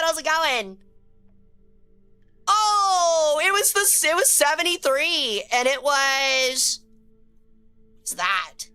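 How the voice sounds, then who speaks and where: A woman streamer giving casual live game commentary, excitable and quick to swear, chatting with her viewers. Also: sits high, faint music behind. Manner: excitable, swears a lot when frustrated, chats with viewers.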